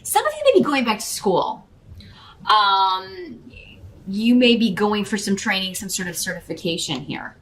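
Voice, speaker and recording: Woman, tarot reader, casual rambling delivery, talks directly to the listener, mid-range pitch. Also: sing-song, unhurried, a bit bright, slight background noise, rough recording. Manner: rambling, hesitant, many fillers and restarts; addresses the listener directly as a star sign. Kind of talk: casual tarot reading to camera.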